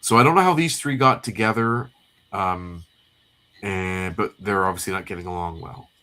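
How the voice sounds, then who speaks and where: A man's voice: low-pitched, normal speed, pushed and bright. A man co-hosting a casual comic read-through livestream, recapping the plot in a rambling way with many fillers. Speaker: co-host.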